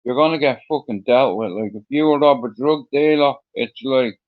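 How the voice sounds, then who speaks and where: A man's voice: medium pitch, normal speed. A middle-aged man from Ireland with a Dublin accent, a guest telling his story in a rambling, casual way, full of fillers and swearing. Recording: dull lo-fi sound.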